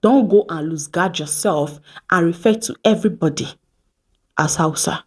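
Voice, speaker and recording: A Nigerian woman in her thirties from Edo State, telling stories to camera in a lively vlog, slipping into Pidgin and acting out what people said. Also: on the low side, normal speed. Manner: animated, mixes Pidgin phrases, acts out quoted exchanges. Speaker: vlogger. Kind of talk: casual storytelling to camera.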